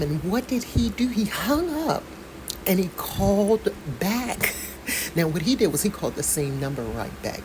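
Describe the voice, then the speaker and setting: A woman with a low voice reads a news story aloud and breaks off into frank, profane commentary. She talks in a casual way, laughs now and then, and a faint hiss of noise runs underneath. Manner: blunt and profane, speaks frankly, asides with laughs. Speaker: vlogger. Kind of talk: casual commentary while reading a news article.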